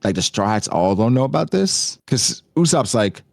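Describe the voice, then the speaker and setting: A man hosting a casual discussion podcast, talking in a relaxed way with lots of "like" and "you know". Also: mid-range voice, moderate pace, creaky, dry recording, studio quality. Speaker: host.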